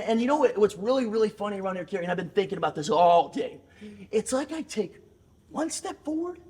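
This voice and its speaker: Mocking wrestler, hushed then yelling. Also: male voice, sits high. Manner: mocking, sing-song, swings from hushed to yelling. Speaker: wrestler cutting a promo. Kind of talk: taunting backstage promo.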